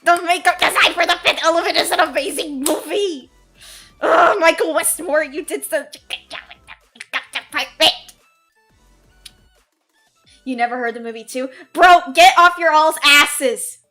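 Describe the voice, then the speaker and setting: A woman streamer chatting casually on a live stream, excitable, swearing and loudly scolding her chat. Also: very high voice.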